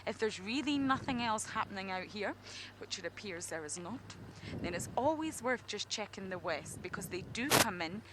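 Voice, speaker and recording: A woman with a Scottish accent working as a safari guide, giving playful, lively commentary from an open vehicle on a live game drive. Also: mid-range voice, normal speed, background noise.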